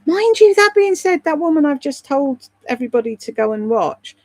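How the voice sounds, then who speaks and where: A woman's voice: high-pitched, very animated, normal speed, a little mellow, no echo. Chatty British woman, dry close mic. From Britain. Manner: chatty, rambling, reads viewer comments aloud. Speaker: live streamer and voice-over artist. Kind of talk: casual live-stream chat.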